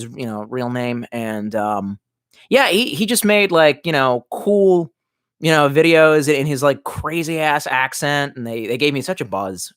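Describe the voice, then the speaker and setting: A man's voice: mid-range voice, a bit bright, dry recording, studio quality. A man live-streaming in casual chat, reading out viewer comments and rambling with lots of swearing, fillers and restarts.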